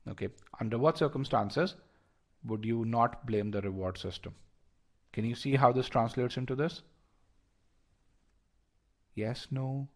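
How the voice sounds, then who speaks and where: Guy teaching a live online class, mid pitch, stops and restarts a lot, walks thru the logic step by step. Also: a little slow, pauses often. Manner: animated, frequent restarts and fillers; talks through reasoning step by step, polling the class. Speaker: test prep instructor.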